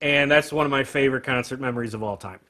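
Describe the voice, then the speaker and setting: A man hosting a casual livestream chat about music, animated and laughing often as he talks. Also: mid-range voice, fast. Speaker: host.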